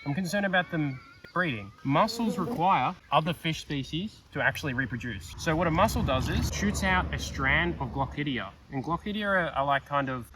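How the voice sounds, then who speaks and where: Young guy rambling excitedly in a swamp, voice a bit high, mic kinda far off, faint outdoor hiss. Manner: enthusiastic, jokey, self-mocking. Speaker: PhD student doing fieldwork. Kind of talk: casual outdoor field vlog.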